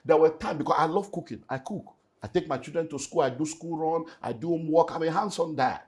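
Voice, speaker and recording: A middle-aged Nigerian man, a pastor and relationship speaker, giving an emotional personal testimony in an interview. He tells it in a lively way, slips into Nigerian Pidgin, and moves between loud outbursts and hushed moments. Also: a little high, fast.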